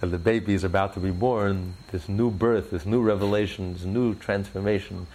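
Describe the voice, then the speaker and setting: Gravelly deep-ish guy preaching, pitch jumps way up when he pushes a point, bit of hiss behind. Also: fairly even intonation, normal speed, a little mellow, rough recording. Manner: preacherly, rises sharply in pitch for emphasis; tells stories with acted-out voices. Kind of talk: animated religious teaching in an interview.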